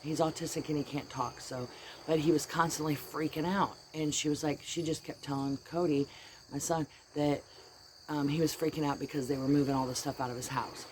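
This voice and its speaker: Low-voiced middle-aged woman venting. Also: fairly even intonation, a little fast, darkish tone, a little hiss or hum. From United States. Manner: blunt, heated, folksy storytelling. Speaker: vlogger. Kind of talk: casual venting vlog.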